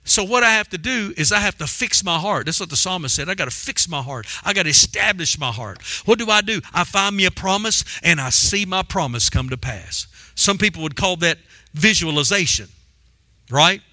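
A man preaching with a high, very bright and cutting voice. He drives points home with emphatic repetition and calls for the congregation to respond, and the sound is close and dry with no room echo. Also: expressive, moderate pace. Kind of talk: sermon.

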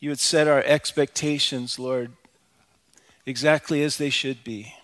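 A man's voice: mid-range voice, fairly even intonation, a little slow, fairly bright tone. A middle-aged man preaching a sermon as pastor, speaking in a conversational, reflective way with personal asides. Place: church sanctuary. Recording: live church hall reverb.

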